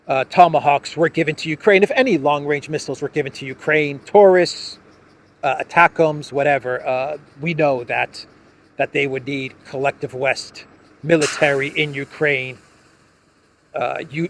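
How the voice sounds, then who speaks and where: A man hosting a political commentary show, speaking in a sardonic, halting way and chuckling often as he talks. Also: a little high. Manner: halting, many restarts. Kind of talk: casual news commentary.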